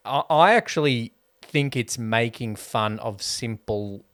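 A man co-hosts a relaxed movie review podcast, laying out his reasoning at length in an even, measured way. His voice sits in a middling range and comes across close and dry, with no room around it. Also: medium pitch, no echo. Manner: explains points at length, measured. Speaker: podcast co-host. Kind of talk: casual film review chat.

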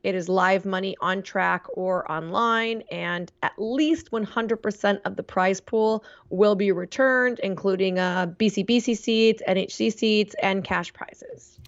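A woman's voice: mid-range voice, measured pace, few pauses, no room sound, lo-fi sound. A woman co-hosting a horse racing podcast, telling stories in a chatty way with frequent "um" and "like". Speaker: podcast co-host. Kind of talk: casual chat.

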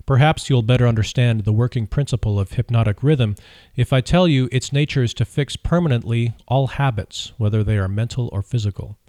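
A man reading an audiobook dialogue of questions and answers in a measured, even way. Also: medium pitch, no echo, clean studio sound. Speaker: audiobook reader. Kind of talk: scripted audiobook narration of a dialogue.

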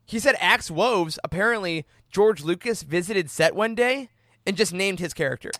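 A man hosting a casual fan podcast, quick and jokey, running the chat and wrapping up the show. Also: sits high, lively intonation, a bit bright, dry recording, studio quality. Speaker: podcast host.

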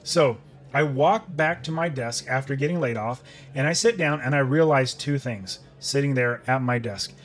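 A man's voice: medium pitch, moderate pace, faint music behind. A middle-aged man, a podcast guest, telling a personal story in conversation and acting out his own past thoughts.

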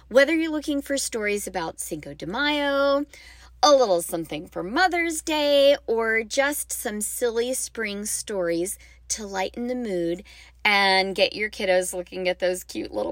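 A woman hosts a podcast for music teachers, chatty and enthusiastic, sometimes wandering into side notes. Her voice sits at a middle pitch and is recorded dry and close, with no room sound. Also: a bit bright, no room sound. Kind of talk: casual podcast talk.

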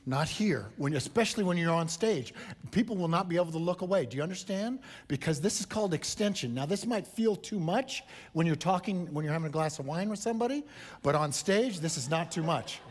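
A husky man with a high, lively voice gives punchy feedback to a speaker at a live event. He talks emphatically and keeps checking that he is understood. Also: fairly quick. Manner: emphatic, punchy, repeats "right?" and "you understand?". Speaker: speaking coach judging a contestant.

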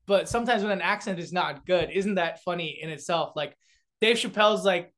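A young South Korean beatboxer and comedian, speaking fairly quickly in a high, somewhat bright voice, chats loosely as an interview guest. His talk wanders, full of fillers and restarts, and he laughs a lot.

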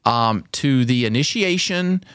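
A man's voice: medium pitch, animated, a little slow, fairly bright tone, smooth, no room sound, clean studio sound. A man in his forties hosting a podcast in a casual, earnest, conversational way. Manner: earnest, conversational, laughs often. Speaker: podcast host.

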